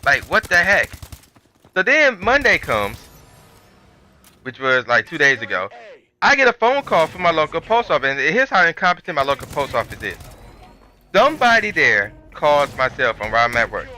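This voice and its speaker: A man with a very bright, sharp, cutting voice that sits a little high. He rants over gameplay in loose, colloquial commentary. He tells his story in an animated, exasperated way. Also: normal speed, faint music behind. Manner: casual and colloquial. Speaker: gaming channel host.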